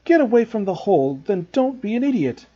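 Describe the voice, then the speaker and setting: A blunt, impatient schoolboy with a raised, lively voice, as a man voices him for a storybook reading. He snaps out his words in exasperation. The sound is dull and lo-fi. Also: high-pitched, fairly quick, pitched above the performer's own voice. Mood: exasperated.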